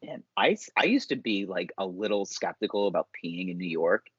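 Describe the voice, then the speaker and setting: A man's voice: low voice, lively intonation, fairly quick, husky, no room sound. A young man co-hosting a podcast in loose casual chat, rambling, swearing and laughing often. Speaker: podcast co-host. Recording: dull, dry, lo-fi podcast mic.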